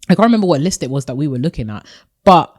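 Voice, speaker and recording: A woman's voice: sits low, very animated, racing, a little mellow. A woman co-hosting a casual podcast chat, teasing and emphatic. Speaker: podcast co-host.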